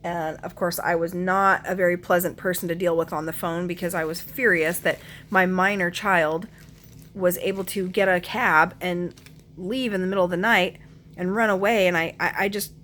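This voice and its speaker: A woman in her forties telling her family's story to camera in an earnest, emotional way, often pausing to search for words and clearing her throat now and then. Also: fairly low pitch, fairly even intonation, fairly bright tone, a little hiss or hum.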